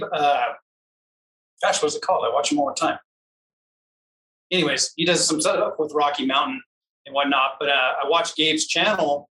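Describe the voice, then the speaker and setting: A man tells a long, rambling story in a bright, forceful voice, stopping often to hunt for words. His voice sits a little high for a man and bounces around a roomy space, picked up from some distance off the mic. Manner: rambling, searches for words, acts out quoted dialogue. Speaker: off-road racer. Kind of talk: casual storytelling.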